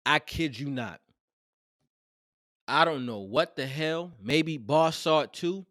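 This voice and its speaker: A man telling a heated workplace story in a casual, animated and profane way, emphatic and expressive. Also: on the high side, slow pace, no echo, studio quality.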